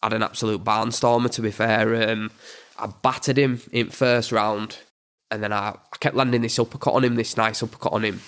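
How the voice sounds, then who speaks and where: A young man with a Yorkshire accent, a boxer chatting in an interview, halting and repeating his words. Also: lowish voice, flat delivery, fairly bright tone, clear, resonant tone. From England. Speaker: boxer guest. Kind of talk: casual interview chat.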